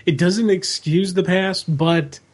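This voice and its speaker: A man's voice: high voice, steady tone, takes it slowly. A man co-hosting a podcast in casual chat, rambling with frequent restarts. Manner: rambling, many restarts and fillers. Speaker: podcast co-host.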